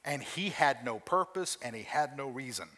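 A man pastor giving a sermon and closing prayer, emphatic, repeating key questions and swinging from loud to hushed. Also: medium pitch, animated, normal speed.

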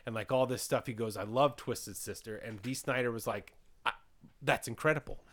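At a moderate pace and in a mid-range voice, the host tells a story on his podcast in casual chat. His retelling is animated, with quotes repeatedly framed by "he goes."

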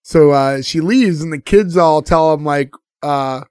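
A man's voice: a little high, measured pace, darkish tone, smooth, no echo, studio quality. A man on a podcast, casually recapping a TV episode and laughing often.

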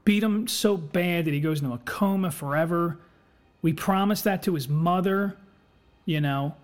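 A man's voice: fairly high pitch, normal speed. A man hosting a podcast, talking in a candid personal monologue, blunt, earnest and full of swearing. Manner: blunt and heavily profane; impassioned, earnest. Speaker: podcast host.

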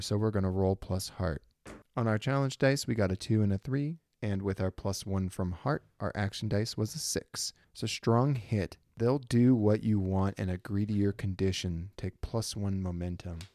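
A man hosting a solo tabletop game podcast, narrating and thinking aloud in a relaxed way. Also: fairly low pitch, no echo, clean studio sound.

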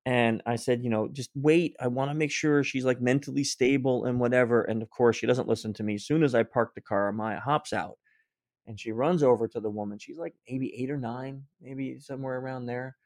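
Man, middle-aged, interview guest, storytelling, animated, restarts, dry sound. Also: medium pitch, fairly quick, dry recording. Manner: animated storyteller, quotes people in his own voice, frequent restarts. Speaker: guest author.

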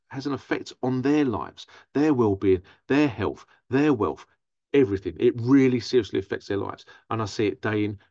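Male therapist, animated solo talk, close and dry, a bit muffled. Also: fairly low pitch, gravelly, no echo. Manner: animated, mimics others in raised voice. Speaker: therapist and podcast host. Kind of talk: casual monologue.

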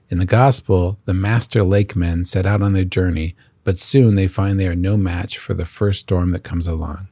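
A man's voice: deep voice, mellow, husky, dry recording. A man hosting a Catholic podcast, reading an earnest scripted reflection that includes long quotations.

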